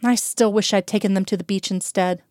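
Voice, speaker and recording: A woman voicing a gentle, wry man who speaks quietly and softly to a child. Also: mid-range voice, fairly even intonation, a little fast, dry recording, clean studio sound, lightly acted.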